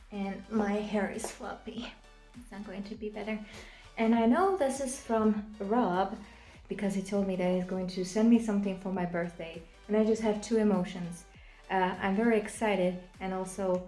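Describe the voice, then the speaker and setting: A woman makeup vlogger chatting casually to the camera, giggling often and gushing with thanks. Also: mid-range voice. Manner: giggly, laughs often between words; gushing and grateful. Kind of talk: casual vlog chat to the camera. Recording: roomy echo with faint background music.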